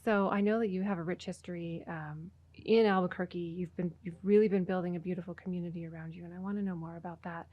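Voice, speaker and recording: Low-voiced woman hosting a podcast interview. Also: steady tone, quick pace, few pauses, dry recording, highs cut off. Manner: warm, chatty, many fillers. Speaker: podcast host. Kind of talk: casual interview.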